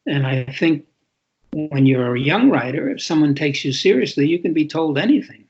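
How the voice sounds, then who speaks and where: An older man guesting on a podcast as an author tells contemplative stories, often starting his sentences over. His voice runs on the high side and is expressive with a darkish tone, at a normal pace. The audio is dull and lo-fi.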